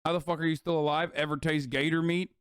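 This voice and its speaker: A man's voice: on the high side, flat delivery, fast, fairly bright tone, smooth, no room sound, clean studio sound. A man hosting a livestream in casual chat, ranting, mocking and swearing freely. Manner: reads viewer messages aloud. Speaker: streamer host.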